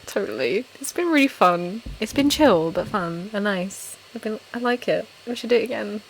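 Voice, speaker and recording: A woman's voice: medium pitch, expressive, moderate pace, a little hiss or hum, rough recording. A woman with an English accent, hosting a casual live-stream chat with viewers. She giggles a lot and fills her talk with "like" and "um". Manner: giggly, filler-heavy, self-deprecating. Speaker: ASMR channel host on a live stream.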